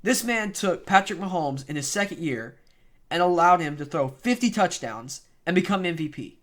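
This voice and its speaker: A young man with a fairly high-pitched voice delivers an unscripted sports rant. He talks in an opinionated, heated way, stacking up complaints and bold claims. It sounds like a casual fan vlog, not a polished broadcast. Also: moderate pace. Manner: opinionated, animated, ranting.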